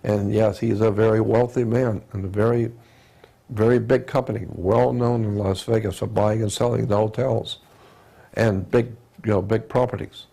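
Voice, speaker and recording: A man's voice: on the low side, fairly even intonation, dark tone. A man retelling another man's account in a rambling way, often restarting with "he said" and correcting himself mid-phrase. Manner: repetitive, keeps restarting with "he said"; halting, with self-corrections and throat clearing. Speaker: speaker retelling an eyewitness account. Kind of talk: rambling spoken storytelling.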